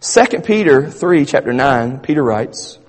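A man's voice: mid-range voice, very animated, a little slow. A man preaching a sermon in an emphatic, repetitive, conversational style. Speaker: pastor. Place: church sanctuary. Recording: reverberant church hall.

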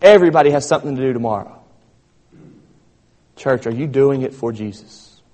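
A man's voice: medium pitch, fairly quick, dark tone. A man preaching a sermon to his congregation, his emphasis building as he addresses them directly. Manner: preaching with rising emphasis, calls the congregation "church". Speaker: pastor. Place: church sanctuary. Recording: long church reverb.

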